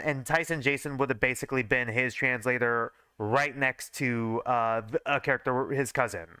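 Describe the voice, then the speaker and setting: Rambling young man, bright crisp voice. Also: fairly high pitch, no room sound. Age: early 20s. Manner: rambling, self-mocking, heavy with fillers. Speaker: streamer reading his old fanfiction. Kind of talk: casual live-stream commentary.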